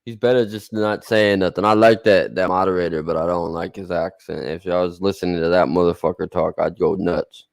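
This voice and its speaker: A man's voice: low-pitched, fairly even intonation, brisk, gravelly, few pauses, dry recording. A man co-hosting a casual chat, blunt and mocking, with a lot of swearing. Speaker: co-host. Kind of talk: casual post-debate chat.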